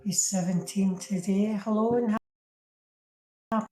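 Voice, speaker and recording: Scottish woman doing tarot on a phone live, chatty, mellow voice, roomy echo. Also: mid-range voice, fairly even intonation, measured pace, faint music behind. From Scotland. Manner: chatty, talks to viewers, fumbles with the app. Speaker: tarot reader. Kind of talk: live-stream tarot reading. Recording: echoey room with faint ambient noise.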